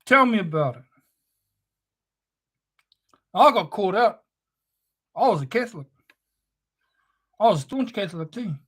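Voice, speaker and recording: A man's voice: high voice, lively intonation, moderate pace, fairly bright tone, slightly rough. A man giving an impassioned live-streamed monologue, preachy and confrontational, swearing heavily. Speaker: livestream host. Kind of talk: impassioned spoken-word monologue.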